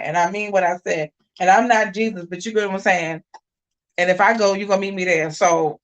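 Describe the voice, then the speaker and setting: A woman hosting her own livestream, delivering a preachy, scolding rant. She hammers her points by repeating phrases, with animated swings in her delivery, in a middle-pitched voice. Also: normal speed. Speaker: channel host on a livestream. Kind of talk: casual livestream commentary.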